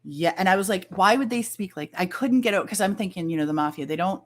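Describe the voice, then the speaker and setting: A woman guest telling a story in casual chat, animated and acting out the lines of others. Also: lowish voice, fast. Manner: animated, acts out quoted dialogue.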